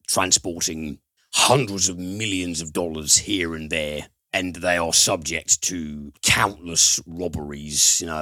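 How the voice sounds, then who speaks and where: A very deep-voiced man with a forceful, bright edge talks through a film plot. He rambles with plenty of fillers and drops swear words as he retells the scenes. The sound is close and dry. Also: no room sound. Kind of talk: casual film review chat.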